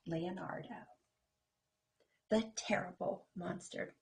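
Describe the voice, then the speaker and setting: A woman, a kindergarten teacher, reading a picture book aloud to young children in an expressive, playful way and talking to them directly. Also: fairly low pitch, a little slow, gravelly.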